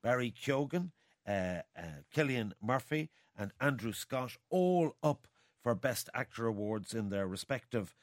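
A man hosting a radio talk show, brisk and teasing with quick interjections. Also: medium pitch, animated, no room sound, studio quality.

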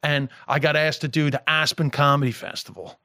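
A middle-aged man whose accent mixes New York and Irish tells stories on a podcast. His voice sits somewhat high, and it is recorded dry and close. He is animated and profane, often laughing mid-sentence. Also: brisk, vocal fry, no room sound. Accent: mixed New York and Irish. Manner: animated storyteller, swears freely, laughs while talking. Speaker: comedian guest. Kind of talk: casual podcast chat.

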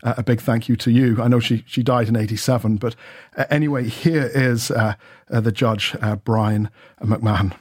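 A man's voice: mid-range voice, fairly even intonation, normal speed, slightly rough, dry recording, studio quality. A man chatting on the radio as a reporter, emotional and self-deprecating. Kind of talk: casual radio chat.

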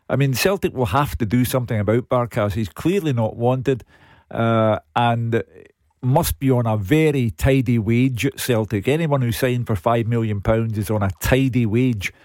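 A man's voice: medium pitch, a little mellow, dry recording. Blunt Scottish male pundit, firm views, dry studio mic. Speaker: football pundit. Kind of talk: sports radio punditry.

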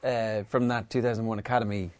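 Man, Irish accent, middle-aged, podcast host, casual, hesitant, lowish voice. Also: flat delivery, fast talker. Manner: hesitant, restarting, lots of "like". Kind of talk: casual chat.

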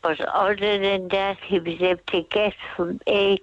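A woman's voice: mid-range voice, steady tone, moderate pace, no echo. A woman in her sixties calling a radio show as a mother and carer, aggrieved and insistent. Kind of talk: phone-in radio call. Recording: dull lo-fi phone-in line.

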